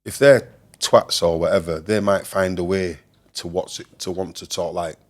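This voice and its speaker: Low-voiced Leeds man telling stories. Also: fairly even intonation, normal speed. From Leeds, England. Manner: swears freely, often laughs, acts out the people in his stories. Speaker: former boxer, guest. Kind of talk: casual storytelling interview.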